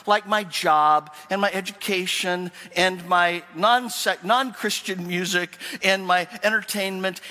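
A man preaching a sermon as pastor, emphatic and animated, asking his listeners questions. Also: sits high, big-room sound. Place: church sanctuary.

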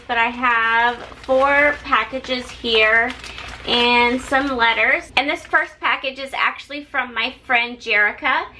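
A woman's voice: sits high, pushed and bright, rough recording. A woman vlogger casually opening fan mail on camera, gushing and effusive over each gift. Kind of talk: casual haul vlog.

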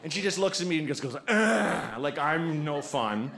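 A man doing a stand-up comedy set before a live audience, telling a story in an animated way and acting out the people in it. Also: a little high, brisk.

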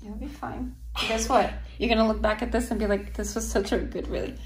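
Soothing mom with a high voice. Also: female voice, flat delivery, quick pace, low-quality recording. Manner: soothing, chatty, laughs often. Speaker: mother filming her daughter. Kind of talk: casual chat, comforting a child. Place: doctor's office.

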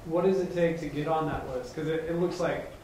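A man's voice: fairly high pitch, fairly even intonation, brisk, darkish tone, slight background noise. A man attending a meetup, asking casual questions with hesitant fillers. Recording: echoey room, distant mic, faint ambience.

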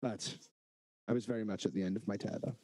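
A man's voice: on the low side, fast, slightly rough, no echo. A man on a podcast, animatedly telling a sweary story and acting out what people said. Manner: animated, sweary, acts out quotes. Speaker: podcast co-host. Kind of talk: casual storytelling among friends.

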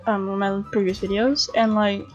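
A tired young woman giving casual commentary on a horse game, chatty and excitable, swearing freely and breaking into gasps and laughs. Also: mid-range voice, normal speed. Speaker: gamer commentator. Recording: dull lo-fi home recording with faint game music.

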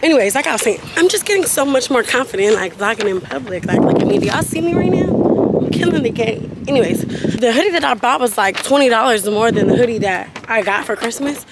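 A woman's voice: a little high, fast. Chatty teen girl vlogging, noisy background. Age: teens. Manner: chatty, animated, addresses viewers as y'all. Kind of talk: casual vlog chat to viewers. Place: in a car and around a shopping area. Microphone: handheld vlog camera. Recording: noisy handheld vlog recording.

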